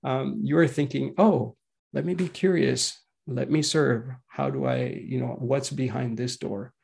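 A man's voice: mid-range voice, steady tone, unhurried, creaky, darkish tone, husky. A man giving a reflective talk on parenting as a guest speaker, thoughtful and searching, with frequent restarts.

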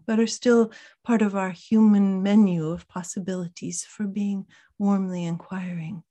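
A woman with a mid-range voice leads a workshop, answering questions in a gentle, reflective way and often slipping into a soft whisper.

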